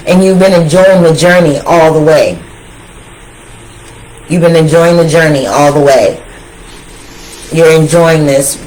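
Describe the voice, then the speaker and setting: A woman giving a casual tarot reading, talking straight to her viewers in an animated, slangy way that repeats phrases for emphasis. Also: deep voice, low-quality recording. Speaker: tarot reader.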